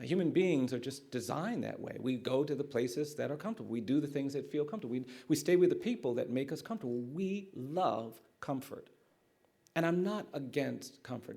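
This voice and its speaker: Gravelly-voiced man telling a story. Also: mid-range voice, darkish tone. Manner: earnest storyteller, acts out quoted dialogue. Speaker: guest speaker. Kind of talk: public lecture with storytelling. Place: lecture hall.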